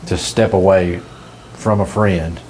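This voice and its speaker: A man in his thirties with a very low voice, talking through a relaxed faith conversation. He sounds earnest and encouraging and laughs easily, over faint room ambience. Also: takes it slowly, a little hiss or hum. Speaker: ministry podcast host.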